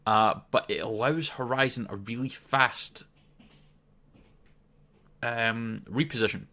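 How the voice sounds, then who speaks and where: A Scottish man talks through a video game update in an easy, rambling way, dropping in ums and restarting his sentences as he goes. His voice is bright and sharp-edged, pitched at an everyday middle level for a man. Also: takes it slowly. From Scotland. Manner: chatty, loose, frequent ums and restarts. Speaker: gaming video host. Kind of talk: casual game commentary to camera.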